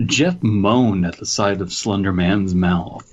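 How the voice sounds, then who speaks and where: A man's voice: sits low, slow, breathy edge, highs cut off. A man co-hosting a comedy podcast, reading fanfiction aloud and breaking into laughter mid-sentence.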